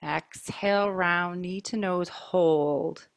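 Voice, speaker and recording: Yoga teacher lady, low-ish voice, super slow calm cues, dry close mic. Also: vocal fry, dry recording. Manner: calm, slow, mindful cueing. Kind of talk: guided yoga class instruction. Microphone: wearing a mic.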